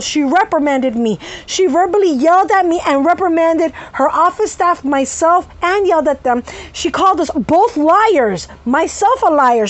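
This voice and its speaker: Woman vlogger, high voice, profane animated storytelling with sudden tic outbursts. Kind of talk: casual story time.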